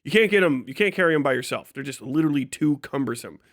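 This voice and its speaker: Profane, animated man telling a story. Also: mid-range voice, fast, dry recording, studio quality. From Kentucky, USA. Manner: profane, animated retelling, frequent laughs. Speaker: live streamer. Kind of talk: casual storytelling on a livestream.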